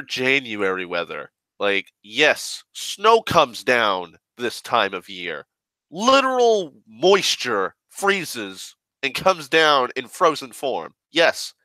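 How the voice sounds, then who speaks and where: A man's voice: mid-range voice, bright, forceful tone, dry recording. A sick young man who coughs now and then, rambling in a profane, grumbling, sarcastic rant. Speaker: online rambler.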